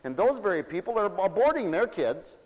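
A man preaching a fiery, folksy sermon. He swoops between loud declarations and mocking asides. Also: high voice, very animated, fairly quick. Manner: folksy, shouting and swooping, mocks voices. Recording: long hall reverb.

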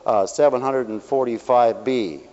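A man preaching as a pastor, folksy and animated, acting out little voices as he talks. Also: medium pitch, moderate pace, background noise. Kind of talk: sermon. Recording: dull hall recording with long reverb.

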